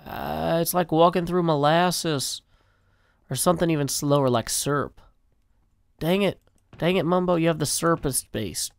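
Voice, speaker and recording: A man's voice: a little high, vocal fry, dry recording, studio quality. A man in his forties giving casual, rambling, self-mocking gameplay commentary. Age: 40s. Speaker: game video host.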